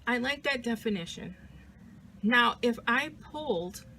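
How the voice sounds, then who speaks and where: Chatty, excited woman reviewing tarot cards. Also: a little high, unhurried, a little hiss or hum. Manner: chatty and enthusiastic, with frequent restarts. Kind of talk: casual deck walkthrough and review. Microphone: zoomed-in camera close-up.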